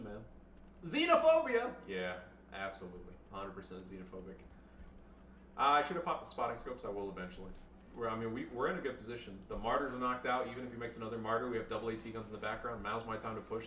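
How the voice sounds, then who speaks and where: A man giving casual, profane, excitable commentary over his own strategy game match, joking and swearing between calls. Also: medium pitch, fast talker, reverberant, distant mic, a little hiss or hum. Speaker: gameplay commentator.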